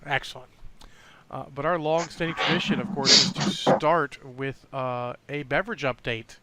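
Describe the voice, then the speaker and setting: A man's voice: mid-range voice, moderate pace, very noisy. Laughing male podcast host. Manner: upbeat, laughs often. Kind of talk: casual chat.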